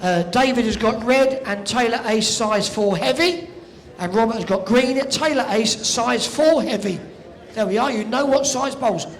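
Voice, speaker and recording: High-voiced man joking with a crowd. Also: moderate pace. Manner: teasing, jokey, calls out to the audience. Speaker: arena compère. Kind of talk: cheeky crowd warm-up banter. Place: indoor sports arena.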